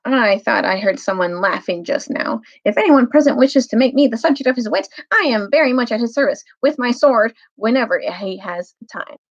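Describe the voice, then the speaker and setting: A woman's voice: on the high side, animated, moderate pace, few pauses, pitched above the performer's own voice. A woman voicing a small, brave male mouse knight who speaks in a formal, ceremonious way. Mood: proud. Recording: dull lo-fi recording.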